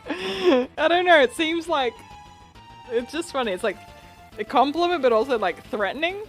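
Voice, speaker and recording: A woman's voice: sits high, animated, normal speed, soft background music. A young woman chatting casually to her live-stream viewers while playing a game, reading chat aloud and laughing often. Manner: giggly, reads chat aloud, playful.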